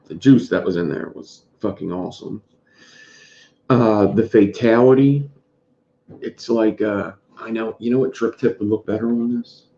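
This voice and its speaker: A man with a low, dark, gravelly voice rambles through a casual live stream and calls out chat viewers by name. The sound is dull and lo-fi, with a roomy echo behind him. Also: measured pace. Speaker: vape reviewer streaming live. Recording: dull lo-fi sound in an echoey room.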